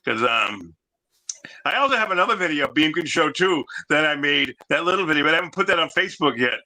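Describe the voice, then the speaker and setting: Bright, animated man rambling casually. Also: on the high side, fast talker, poor audio. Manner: rambling, full of restarts and "you know". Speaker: host. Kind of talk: casual chat.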